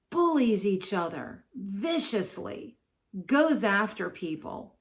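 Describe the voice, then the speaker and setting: A woman's voice: lowish voice, slow, a bit bright. A woman from Maryland, an astrologer, talking casually and digressively to camera with plenty of fillers. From Maryland, USA. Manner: chatty, digressive, many fillers. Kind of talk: casual talking-head commentary.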